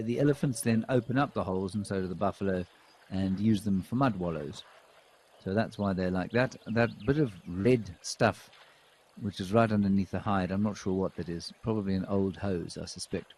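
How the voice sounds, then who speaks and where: A man commentates on live wildlife footage in a low, warm voice, chatting easily with viewers. His humor is dry and deadpan. Faint outdoor bird ambience sits behind him. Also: moderate pace, slight background noise. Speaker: wildlife show host.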